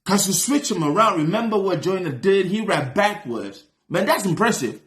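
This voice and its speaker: A man hosting a reaction video, commenting casually on a rap track in a slangy, animated way, with bursts of excited shouting. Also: sits high, normal speed, reverberant.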